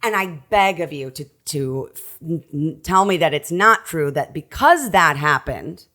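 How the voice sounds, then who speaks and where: A woman with a notably low voice chats as a podcast guest. She is expressive, restarts her sentences often and gestures while she talks. She sounds like she is in her thirties. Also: unhurried. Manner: animated, talks with her hands, many restarts. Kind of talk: casual conversation.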